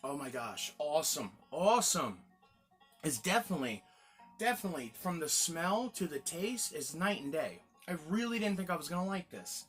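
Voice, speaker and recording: A man's voice: a little high, very animated, a little fast, a bit bright, soft background music. Chatty man reviewing gin. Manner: chatty, rambling, exclaims while tasting. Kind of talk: casual tasting review.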